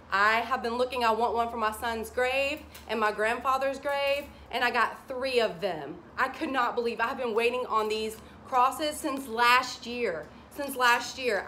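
A woman with a drawl shows off her shopping haul in a casual chat to camera. Her voice sits a bit high, and she gushes over every item in a giddy, excitable rush. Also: slight background noise. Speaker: haul vlogger.

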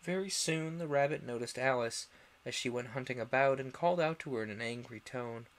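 A young man reads a storybook aloud on a live stream. He narrates expressively in a middle-pitched voice and slips into character voices. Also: brisk.

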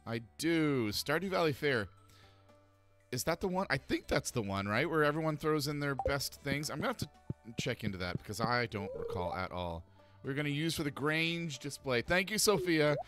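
A man's voice: a little high, sing-song, moderate pace, fairly bright tone, soft background music. A man hosting a video game playthrough, chatting casually, cracking jokes and reading game dialogue aloud in playful voices. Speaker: gaming channel host. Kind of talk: let's play commentary.

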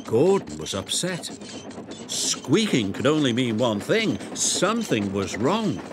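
Warm, expressive storybook narrator man. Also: mid-range voice, background noise. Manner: gentle, measured and expressive. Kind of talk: scripted storybook narration for children. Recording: loud background music.

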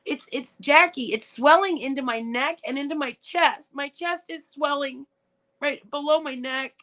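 A woman's voice: sits high, measured pace, pushed and bright. A middle-aged woman hosting a casual live stream, rambling, tearful and upset, with profane rants. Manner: rambling, emotional, profane ranting. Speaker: livestream host reading chat.

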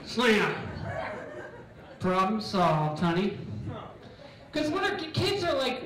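A middle-aged man doing a stand-up comedy set on a club stage, loud and bantering as he acts out characters. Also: extremely high pitch, big pitch swings, normal speed, far from the mic, crowd noise. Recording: echoey club recording from afar. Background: audience laughter.

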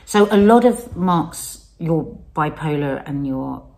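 A woman's voice: sits low, animated, a little slow, creaky, darkish tone, slight background noise. A woman co-hosting a candid talk show, telling a personal story expressively and acting out the voices of the people she quotes. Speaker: podcast co-host. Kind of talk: candid conversation about mental health.

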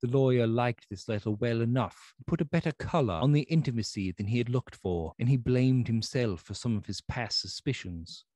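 A man narrating a classic novel in a steady, unhurried reading. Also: mid-range voice, dry recording, clean studio sound. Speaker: audiobook narrator.

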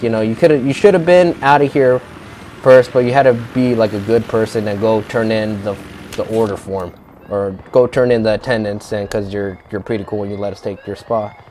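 A teenage guy tells a vlog story as a heated rant, cursing freely and rambling through fillers and restarts. His voice sits at an ordinary male pitch. A faint hum of background noise sits under the recording. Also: mellow. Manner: profane, rambling, lots of fillers. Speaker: vlogger.

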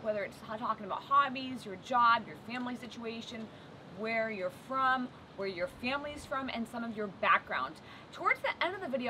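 A native French woman with a French accent gives an upbeat video lesson in a fairly high voice, trading English explanation for spoken French examples. Steady background noise sits under her voice. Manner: lively, switches between English and French example phrases. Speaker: French teacher.

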